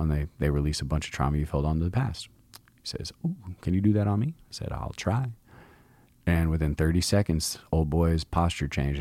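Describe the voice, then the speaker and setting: A man's voice: very deep voice, a little mellow, no room sound. A middle-aged man hosting his own show, telling a rambling story in a laid-back, profane way and acting out the quotes. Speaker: podcast host. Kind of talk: casual storytelling monologue.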